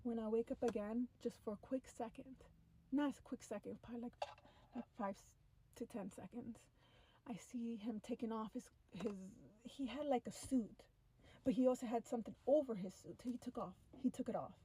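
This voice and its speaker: Animated young woman telling a story. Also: a little high, moderate pace, slight background noise, poor audio. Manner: animated, breathless retelling with many "like" fillers. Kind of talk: casual first-person storytelling to camera.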